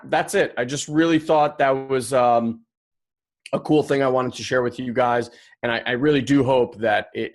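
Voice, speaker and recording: A man hosting a podcast, talking casually and animatedly about a personal insight and acting out quoted thoughts. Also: mid-range voice. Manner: animated, acts out quoted inner voices. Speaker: podcast host. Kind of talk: casual motivational monologue.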